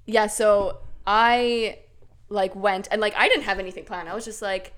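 A young woman co-hosting a casual chat, talking in a relaxed way with many fillers. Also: medium pitch, moderate pace. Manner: relaxed, many yeahs and ums.

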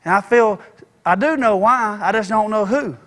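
A male pastor delivers a passionate sermon in a high-pitched voice. He swings between conversational asides and rising, shouted exhortation. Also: moderate pace. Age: adult. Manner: fervent preaching, rising to shouts.

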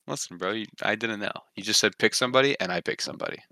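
A man's voice: lowish voice, fairly bright tone, no room sound. A man co-hosting a podcast, talking in a casual, jokey, blunt way among friends and laughing often. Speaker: podcast co-host. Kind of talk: casual group chat.

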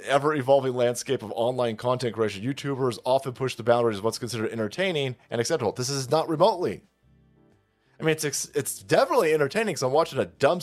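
Man ranting with lively, swinging pitch. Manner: mocking, sarcastic, swears constantly. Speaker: reaction video host. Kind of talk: profane comedic rant.

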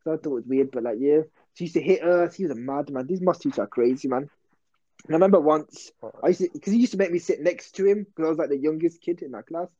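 A man's voice: a little high, fast talker, warm tone, highs cut off. A young man telling a rambling, slangy story on a casual podcast. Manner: rambling, slangy, self-interrupting. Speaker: podcast host.

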